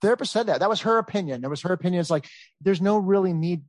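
A man in his thirties telling a long family story in casual chat, rambling and animated, with many fillers. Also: high-pitched, quick pace, dry recording. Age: 30s. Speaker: storyteller guest.

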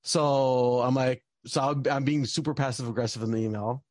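A man's voice: mid-range voice, steady tone, normal speed, darkish tone, no room sound. A young man telling a personal story in casual talk, rambling with lots of fillers and restarts.

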